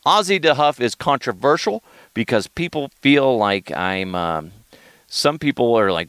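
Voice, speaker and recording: Gravelly rambling man hosting a podcast. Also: mid-range voice, animated, a little slow, a bit bright, dry recording. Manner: rambling, self-deprecating, profane. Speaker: podcast host. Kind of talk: casual comedic podcast chat.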